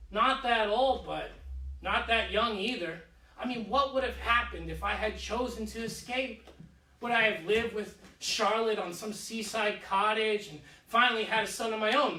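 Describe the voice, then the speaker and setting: A man in his thirties playing a vain, childish deposed emperor in a comic solo stage monologue, petulant and self-pitying, swinging from whiny to booming, performed in a living room. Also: sharp tone. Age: 30s. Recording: echoey room, mic far off.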